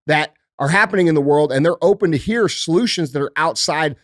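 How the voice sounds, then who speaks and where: A man hosts a casual studio podcast in a blunt, emphatic way and swears freely as he talks. His voice sits a little high. The sound is close and dry. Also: a little fast, no room sound. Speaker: podcast host.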